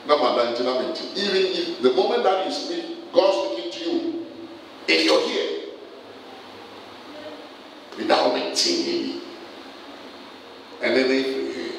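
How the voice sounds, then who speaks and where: A man's voice: mid-range voice, sing-song, measured pace, long pauses, a bit bright, slight background noise. A man preaching a sermon, throwing questions at the congregation for them to answer. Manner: call-and-response questions to the congregation. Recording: echoey hall from far off, faint ambience.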